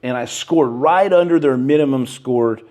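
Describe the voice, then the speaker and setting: A man's voice: mid-range voice, moderate pace. A man in his thirties, a podcast guest telling stories in a laid-back, casual way. He keeps saying "bro" and "man" and raises his voice to act out quotes. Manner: animated, acts out quotes in a raised voice. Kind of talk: casual storytelling interview.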